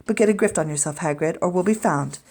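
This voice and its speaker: A woman voicing a stern, brisk older female witch professor who speaks in a hushed, urgent way. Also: fairly low pitch, pitched below the performer's own voice.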